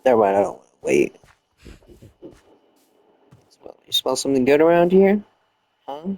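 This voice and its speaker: This young gaming streamer's slightly high voice has vocal fry and a slightly mellow quality, expressive and at a normal speed, with no room sound. He plays late at night lying down, grumbling, cursing, and letting out half-whispered bursts of frustration.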